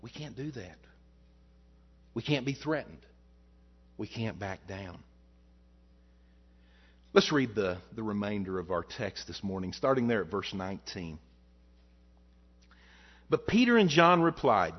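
A male pastor preaching a sermon, asking the congregation rhetorical questions and swinging between loud and soft. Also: animated, measured pace, long pauses, slightly rough, muffled recording. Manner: rises and falls in pitch and loudness, rhetorical questions.

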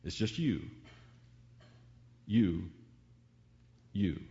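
Older preacher, dramatic swings. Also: male voice, animated, drawn-out words, vocal fry, muffled recording. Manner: dramatic preaching, swings from booming peaks to hushed asides, rhetorical questions. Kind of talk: sermon.

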